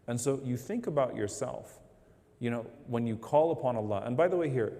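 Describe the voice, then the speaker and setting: A man giving a religious talk to a congregation, explaining quickly and reciting Arabic verses. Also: mid-range voice, animated, creaky, mellow, long reverb tail. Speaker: preacher.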